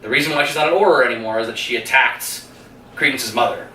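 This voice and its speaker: A man retells a movie's plot with a bright, forceful voice, swearing freely and laughing between scenes. He sits some way from the mic in a roomy, echoing space, with a faint hum behind him. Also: mid-range voice, fast talker, recorded from a distance. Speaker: podcast co-host. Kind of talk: casual movie review chat.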